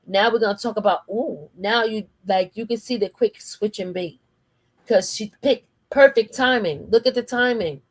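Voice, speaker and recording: A woman's voice: mid-range voice, normal speed, no echo, low-quality recording. Slangy Jersey woman host, dry sound. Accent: New Jersey. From New Jersey. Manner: slangy, animated commentary. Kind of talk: casual chat.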